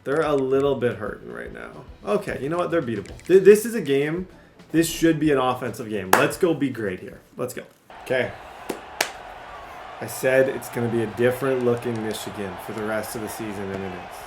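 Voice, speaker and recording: A young man giving casual commentary while he plays a football game, rambling and hard on himself, then yelling when a play goes his way. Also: mid-range voice, fairly quick, background noise. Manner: rambling, self-critical, bursts into excited yelling. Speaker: gaming youtuber.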